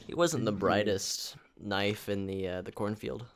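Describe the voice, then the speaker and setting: A young man co-hosting a podcast over a voice call, telling rambling, animated stories. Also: on the low side, normal speed, hardly any pauses. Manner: rambling, animated, acts out family members. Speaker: podcast co-host. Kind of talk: casual chat, storytelling.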